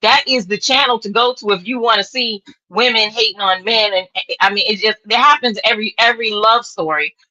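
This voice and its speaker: Female co-host, casual film review, blunt and opinionated, with a slightly high, bright voice. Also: brisk, hardly any pauses, poor audio. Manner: blunt, opinionated, argues back firmly. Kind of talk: casual movie review chat.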